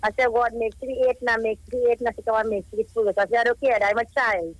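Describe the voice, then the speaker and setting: A woman's voice: on the high side, fairly even intonation, quick pace, no room sound, low-quality recording. A woman in her thirties with a Trinidadian accent, calling in to a live radio show and talking at length through her grief about a lost young relative. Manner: grieving, rambling, emotional storytelling. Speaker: caller, cousin of a child who died. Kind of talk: live radio phone call. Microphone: telephone.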